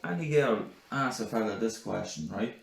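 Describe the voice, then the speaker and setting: Man, casual storytelling, lots of laughter, lively pitch. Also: normal speed, vocal fry, roomy sound, distant mic. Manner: laughs often while telling a story.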